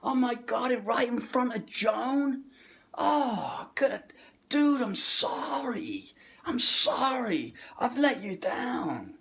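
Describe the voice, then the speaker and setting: A man's voice: extremely high pitch, very animated, takes it slowly, vocal fry, a bit bright, voice pushed up, heavily acted. A man putting on an overly apologetic friend who begs forgiveness at length. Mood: pleading. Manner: pleading, gushing apologies, drawn out.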